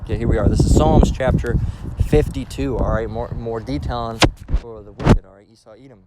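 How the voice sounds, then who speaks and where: Heavy background noise surrounds this male street preacher, whose voice sits in the mid range. His scripture lesson is informal: slow readings of each verse, then blunt slang explanations peppered with "all right?" again and again.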